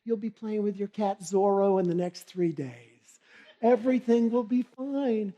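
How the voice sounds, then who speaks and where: Guy doing a calm doctor lady, patient, soothing. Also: sits high, a little slow, dull audio. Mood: reassuring. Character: calm, reassuring female doctor.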